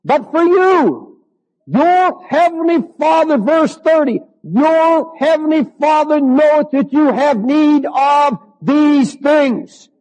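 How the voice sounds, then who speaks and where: An older male pastor delivers a sermon in a strikingly high voice. He drags out key words slowly and builds to fervent shouts at the climaxes. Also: lively intonation, low-quality recording. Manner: slow, drawn-out emphasis.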